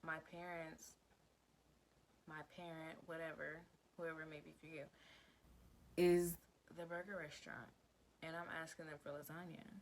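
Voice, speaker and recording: A woman's voice: low-pitched, flat delivery, normal speed, long pauses, slight background noise, poor audio. A woman vlogger talking casually to camera, giving advice in a chatty, emphatic way and calling the viewer girl and babe. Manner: glances down at written notes.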